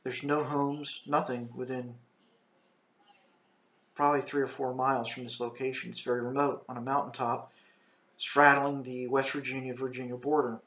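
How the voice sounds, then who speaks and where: A man, a retired park ranger, telling a tense first-person story, halting and restarting, and shouting the commands he once gave. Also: medium pitch, flat delivery. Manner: intense, shouts quoted commands. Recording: echoey, slightly dull sound.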